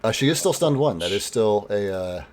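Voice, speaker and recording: A man running a tabletop role-playing game as game master, explaining rules in a relaxed way with fillers. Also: lowish voice, moderate pace.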